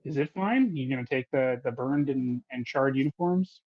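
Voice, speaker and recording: A man's voice: medium pitch, normal speed, no echo, muffled recording. A man narrating a tabletop game as game master, hesitant and full of fillers.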